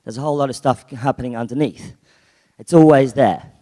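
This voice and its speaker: A man's voice: mid-range voice, fairly quick, dark tone. A man giving a chatty conference keynote, full of fillers and restarts. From United Kingdom. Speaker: conference speaker. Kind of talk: keynote talk. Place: conference hall. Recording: long hall reverb.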